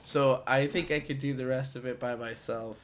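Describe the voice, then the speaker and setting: A man hosting a casual anime podcast, excitedly retelling an episode and swearing freely. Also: medium pitch, normal speed, background noise. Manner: excitable, swears a lot, animated storytelling. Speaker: podcast host. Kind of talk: casual chat, recapping anime.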